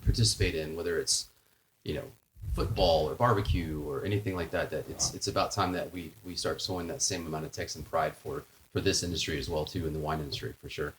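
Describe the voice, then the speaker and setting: A man talking as a guest in a casual interview, laid-back, with his voice trailing off quietly at the ends of phrases. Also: very deep voice, fairly even intonation, quick pace. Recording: noisy podcast recording.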